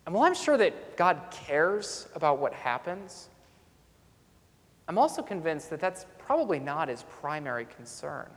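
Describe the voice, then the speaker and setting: A man's voice: on the high side, big pitch swings, a little slow. A man preaching a sermon as a pastor, telling a story earnestly and coming back to a repeated refrain. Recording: long reverb in a large hall.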